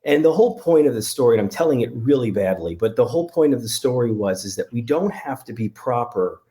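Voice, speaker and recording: A man from Connecticut talking candidly as an interview guest, halting with many restarts. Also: medium pitch, expressive, dark tone. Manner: halting, lots of restarts and fillers. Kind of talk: candid personal conversation.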